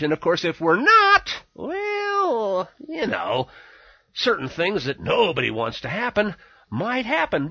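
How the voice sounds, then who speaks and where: A man delivers sarcastic political commentary in a mocking, theatrical way. His voice is high, bright and husky, and it leaps around in pitch. The recording is dry and dull. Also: dry recording. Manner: mocking, theatrical, swinging emphasis.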